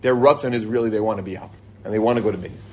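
Talking very fast, this middle-aged man has a lowish, mellow voice with a breathy edge. Teaching an informal live Torah class, he reads out Hebrew passages and follows with joking, casual English explanations.

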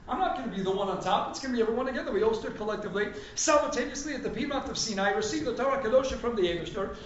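A man giving an animated, emphatic sermon as a rabbi, at times rising to near shouts. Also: very high-pitched, a little hiss or hum. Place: synagogue hall. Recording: echoey hall from far off, dull sound.

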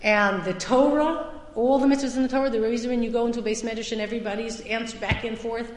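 A woman teaching a Torah class as a summer lecture, stressing some points loudly and dropping into quiet asides. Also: on the high side, fairly even intonation, fast. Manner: emphatic, swings between loud stresses and quiet asides. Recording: echoey hall with long reverb.

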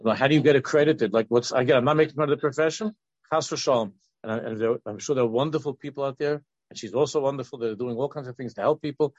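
A man's voice: medium pitch, quick pace, dry recording, dull audio. A man in his sixties, a religious teacher and counselor, giving an informal Torah talk that rambles through restarts and asides.

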